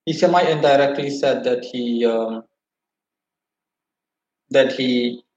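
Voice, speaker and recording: A man's voice: mid-range voice, slow pace, a little hiss or hum. A man telling a long story to his livestream viewers, rambling, cursing and restarting as he goes. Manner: rambling, profane, animated retelling. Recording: roomy, slightly dull sound.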